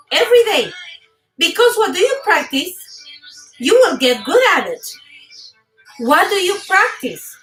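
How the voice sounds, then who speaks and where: Bright high-voiced animated woman host. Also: normal speed, distant mic, faint music behind, poor audio. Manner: animated, emphatic, laughs often. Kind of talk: live motivational talk show.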